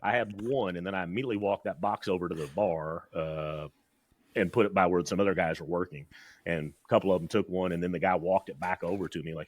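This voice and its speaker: A Southern US man with a very low voice co-hosts a laid-back podcast chat. He rambles through his stories, stumbles over repeated words and acts out what others said. The sound is close and dry. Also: quick pace, no room sound. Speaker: podcast co-host. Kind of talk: casual podcast banter.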